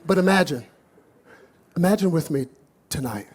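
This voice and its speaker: Husky, animated preacher man. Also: unhurried, long pauses. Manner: dramatic, swings from low murmurs to high excited shouts. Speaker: pastor. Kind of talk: sermon storytelling. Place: church sanctuary with congregation.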